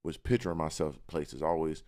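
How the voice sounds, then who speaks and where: Guesting on a podcast, a young rapper chats casually, talking himself up with swagger and street slang. His voice is extremely low, fairly even in intonation, brisk and a little mellow.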